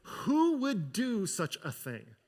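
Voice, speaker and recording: A pastor playing a powerful, quick-tempered ancient king. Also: high voice, huge pitch swings, full character voice. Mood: grave.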